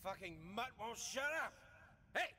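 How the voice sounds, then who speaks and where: A man's voice: high voice, expressive, unhurried, pushed and bright, full character voice. An actor playing a bitter, mocking male painter who sounds drunk and slurred, in a game. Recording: game audio with long reverb, faint noise.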